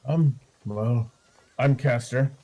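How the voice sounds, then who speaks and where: A man's voice: medium pitch, slow, mellow. A man playing in a tabletop game, speaking casually and hesitantly. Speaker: player.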